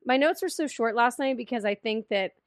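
A woman co-hosting a late-night podcast, giggling and rambling through casual chat. Her voice sits fairly high and sounds tired around the edges. The mic is close and dry. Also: moderate pace, dry recording. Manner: giggly, chatty, trails off and restarts. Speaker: podcast co-host. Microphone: studio microphone.

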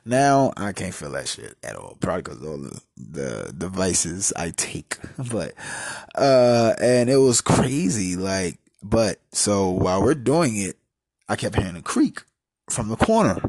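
A man from Washington, D.C. hosting a podcast, telling a story in a profane, rambling way, dropping from mumbles into loud outbursts. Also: sits low, sing-song, unhurried, gravelly, no echo. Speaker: podcast host. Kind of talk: casual storytelling podcast monologue.

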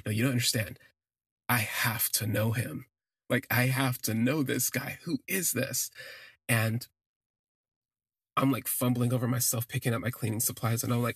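A man's voice: medium pitch, steady tone, moderate pace, a bit bright, slightly rough, no echo. Man, podcast storytelling, rambling, gushing, self-correcting, dry close sound. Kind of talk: personal storytelling.

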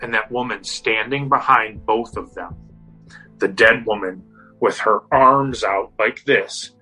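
Animated male storyteller, bright voice. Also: fairly low pitch, slow pace, breathy edge, faint music behind, rough recording. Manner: animated, acts out quotes. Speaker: guest storyteller. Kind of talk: casual storytelling.

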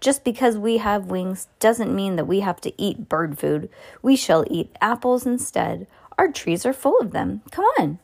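A woman's voice: mid-range voice, expressive, creaky, a little mellow. Woman reader doing a bossy storybook father, near her own voice. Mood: firm. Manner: brisk, giving orders. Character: bossy father turned bird, in charge.

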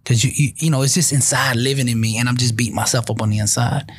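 Man, husky voice, dry close sound, animated preacher-like storytelling, motivational speaker. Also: mid-range voice, fast, no room sound. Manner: animated preacher-like delivery with repetitions. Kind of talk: conversational storytelling testimony.

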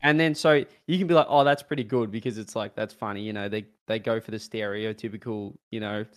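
A man's voice: on the low side, a little fast. Rambling Australian man on a podcast. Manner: rambling, playful, deadpan mock answers. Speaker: podcast co-host. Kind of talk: casual podcast chat.

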